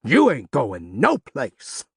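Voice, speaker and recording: Guy doing a hoarse stern old preacher dad, growly slow threats, bursts up high when he yells. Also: huge pitch swings, dry recording, studio quality, full character voice. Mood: menacing.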